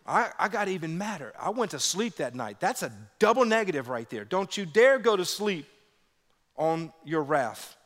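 A man preaching a sermon as pastor, telling personal stories and acting out quotes with big swings in his voice. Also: in a large hall. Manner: animated, acts out quotes with big pitch jumps.

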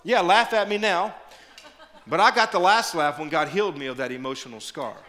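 A middle-aged man preaching as a pastor, telling stories with animated energy and dropping into quiet prayer, often repeating words. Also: a little high, fairly quick. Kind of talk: sermon.

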